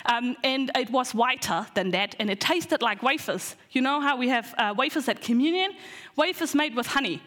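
A woman with a high, bright voice teaches a Bible story in an easy, chatty way. She is animated and restarts her sentences often, full of ums. Her voice rings out in a large, echoing hall. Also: moderate pace. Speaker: preacher teaching a Bible lesson. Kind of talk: casual church talk.

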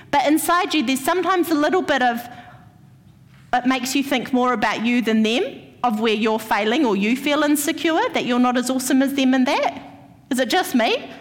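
Woman preaching in an echoing hall. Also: high-pitched. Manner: personal storytelling, addresses the congregation directly. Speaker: church speaker. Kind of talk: sermon. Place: church hall.

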